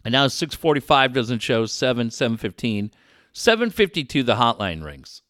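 A middle-aged man telling radio stories in casual chat, animated and profane, laughing often. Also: medium pitch, moderate pace, dry recording, clean studio sound.

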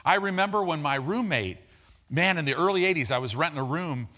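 An older male preacher in his sixties delivers a sermon with a keen, bright tone. His pitch rises and falls freely as he drives his points home. He is conversational and emphatic, slipping easily into stories. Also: brisk. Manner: animated storytelling, emphatic and conversational.

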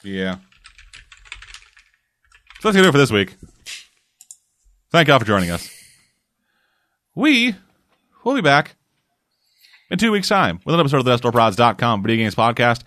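A man's voice: medium pitch, normal speed, long pauses, no echo. A man hosting a video games podcast in casual, swearing chat, close to the mic. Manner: animated and swearing, with loose filler words. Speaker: podcast host.

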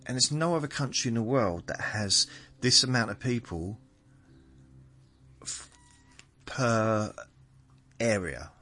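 With faint music behind him, a medium-pitched man talks slowly, leaving long pauses, in an animated, bright, forceful tone. A southern English podcast host from southern England, he wanders through a self-correcting monologue aimed at lulling listeners to sleep.

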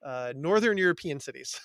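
A man's voice: on the high side, expressive, moderate pace, fairly bright tone, no echo, clean studio sound. A middle-aged man hosting a casual chat, talkative with frequent fillers and laughs. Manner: chatty, laughs often, many fillers. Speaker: podcast host, teacher.

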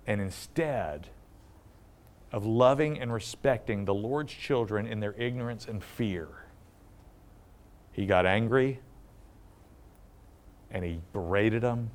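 Man teaching scripture, lively and questioning. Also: lowish voice, takes it slowly, long pauses. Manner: animated, asks the audience questions, acts out quotes. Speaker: preacher. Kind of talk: conversational Bible teaching.

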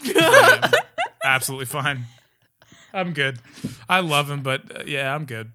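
A man's voice: mid-range voice, normal speed, heavy background noise. A man co-hosting a casual podcast chat, joking and teasing the others. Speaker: podcast co-host.

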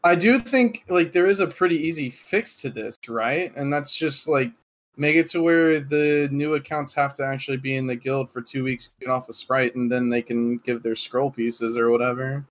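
A man's voice: medium pitch, moderate pace. A man co-hosting a casual gaming podcast, chatty and reasoning aloud with many fillers. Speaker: podcast co-host.

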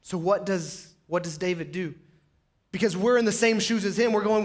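High-voiced impassioned preacher man. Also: normal speed. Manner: impassioned, rises high and loud on pleas then drops low. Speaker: pastor. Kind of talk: sermon. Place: church sanctuary.

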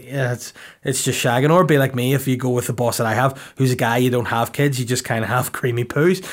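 A young man co-hosting a podcast, rambling and joking crudely, often laughing as he talks. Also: mid-range voice. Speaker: podcast co-host. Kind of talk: casual comedic podcast chat.

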